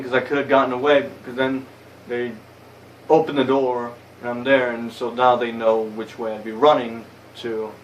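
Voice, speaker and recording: A man's voice: medium pitch, recorded from a distance, a little hiss or hum, low-quality recording. A young man telling a story in a casual vlog, rambling and swearing a lot, heated and blunt. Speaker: vlogger. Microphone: phone camera.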